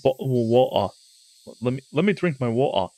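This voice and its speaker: A man's voice: medium pitch, animated, normal speed, dark tone. A man streaming live, chatting and rambling while reading a visual novel aloud. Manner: rambling, self-interrupting.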